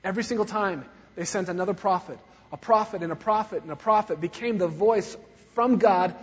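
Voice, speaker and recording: A man preaching a sermon as a pastor, swinging from soft sorrow to loud fervor. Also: sits high, normal speed, husky. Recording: dull recording in a long-echo hall.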